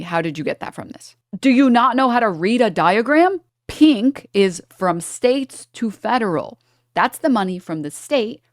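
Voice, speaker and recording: A woman's voice: medium pitch, no room sound, clean studio sound. A woman from New York streaming live, talking to her chat and thinking aloud over charts in a sarcastic, condescending tone.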